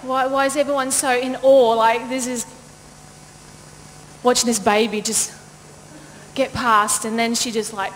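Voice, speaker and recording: A woman pastor telling a lively personal story in a sermon, laughing often and acting out the voices of the people in it. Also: a little high, unhurried, pauses often. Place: church auditorium. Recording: long church-hall reverb, faint noise.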